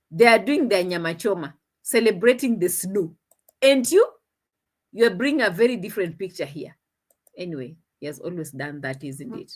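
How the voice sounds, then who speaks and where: Animated laughing woman commentator. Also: medium pitch. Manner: laughs often, mocking, animated retelling. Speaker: commentary vlogger. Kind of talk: reaction commentary.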